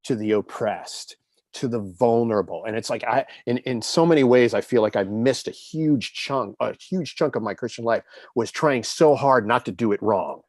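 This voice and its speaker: A man's voice: mid-range voice, normal speed, darkish tone, dry recording, studio quality. A man in his fifties, an interview guest telling personal stories in an earnest, reflective, conversational way. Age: 50s. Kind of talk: casual conversational storytelling.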